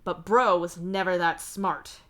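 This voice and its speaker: A blunt, foul-mouthed young man with a weary, deadpan edge, read aloud by a woman. He talks about his troubles in a wry, lowish voice. The delivery fits a livestreamed fanfic reading. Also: moderate pace, lightly acted. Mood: bitter. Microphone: streaming mic.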